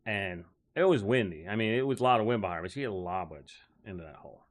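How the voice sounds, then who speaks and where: A man's voice: fairly low pitch, lively intonation, quick pace. Rambling man telling caddie stories. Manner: rambling, heavy use of "like", frequent laughs. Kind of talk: casual storytelling.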